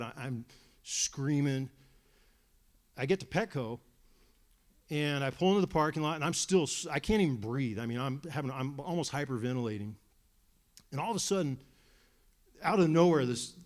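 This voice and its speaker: A middle-aged man shares his testimony at a church service, talking candidly and often restarting his sentences. His voice sits at an everyday middle pitch, neither high nor low. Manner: candid storytelling with frequent restarts. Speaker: church member giving a testimony.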